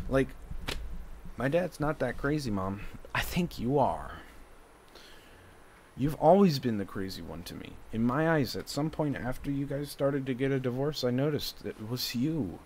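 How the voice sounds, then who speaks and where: Young man, confrontational monologue, rambling, lots of fillers, middle pitch. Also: a little mellow, slight background noise. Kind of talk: emotional monologue addressed to his mother.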